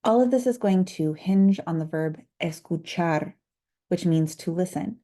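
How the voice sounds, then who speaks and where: A woman teaching a short Spanish lesson for school staff, explaining clearly and patiently and slowing down to model words. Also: fairly low pitch, dark tone. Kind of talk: instructional video lesson.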